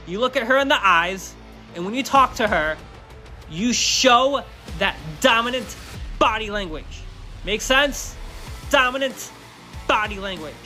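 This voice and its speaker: A man hosting a solo podcast, talking bluntly and emphatically with lots of swearing and swinging his pitch up and down. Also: sharp tone. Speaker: podcast host.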